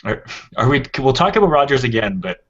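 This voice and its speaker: A man's voice: medium pitch, big pitch swings, brisk. A man co-hosting a tech podcast, explaining at length in casual chat with frequent restarts. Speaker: podcast co-host. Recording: dull, lo-fi podcast audio.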